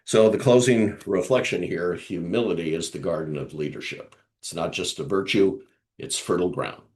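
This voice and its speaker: Low-voiced man speaking in measured phrases. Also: darkish tone. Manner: measured, aphoristic delivery. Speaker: guest speaker on leadership. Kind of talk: reflective talk on a video call. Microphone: video call. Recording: video call audio.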